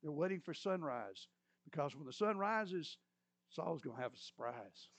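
A man preaching a sermon, retelling a Bible story with lively storytelling and joking asides. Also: fairly high pitch, moderate pace, dry recording.

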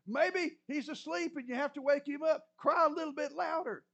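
A preacher doing a bold, mocking prophet. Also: male voice, sits high, moderate pace, pitched above the performer's own voice, close to an everyday voice. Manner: mocking, emphatic. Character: bold male prophet daring his rivals. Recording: muffled lo-fi recording.

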